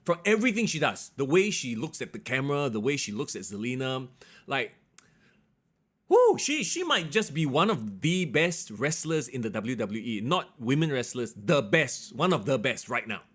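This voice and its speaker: A man, co-hosting a casual wrestling podcast, excitable and quick to laugh. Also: mid-range voice, breathy edge. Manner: animated, excitable, laughs often. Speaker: podcast co-host. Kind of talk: casual wrestling review chat.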